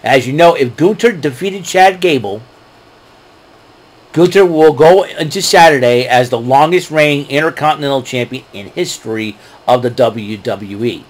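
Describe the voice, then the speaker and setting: Speaking at a moderate pace in a mid-range voice, a man recaps wrestling events on his own show. It's relaxed solo talk, full of fillers and chuckles at his own jokes.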